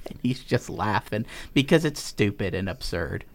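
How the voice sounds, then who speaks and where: Male podcast host, lowish voice, rambling, casual storytelling with restarts. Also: animated, moderate pace, a little hiss or hum. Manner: rambling, full of ums and restarts.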